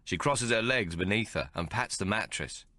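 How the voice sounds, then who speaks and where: A man narrating an audiobook in the first person, measured and descriptive. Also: lowish voice, animated, bright, forceful tone, dry recording, clean studio sound.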